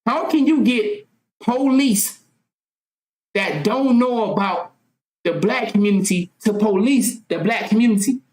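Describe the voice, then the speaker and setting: A woman with a high voice speaks in a fervent, impassioned monologue, firing off rhetorical questions and at times yelling. She swears freely as she argues. The sound carries a roomy echo. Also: measured pace. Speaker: vlogger.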